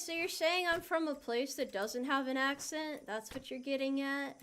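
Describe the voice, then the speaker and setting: A woman's voice: high-pitched, a bit bright, a little hiss or hum. A young woman streaming a game, chatting casually and playfully answering her viewers. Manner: playful, reads and answers chat. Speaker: VTuber streamer. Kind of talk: casual gameplay chat with viewers.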